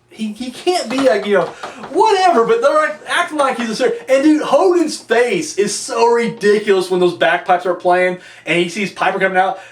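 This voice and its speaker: Rambling, high-pitched male reviewer. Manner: rambling, profane, lots of fillers. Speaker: wrestling reviewer. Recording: echoey room, mic at a distance.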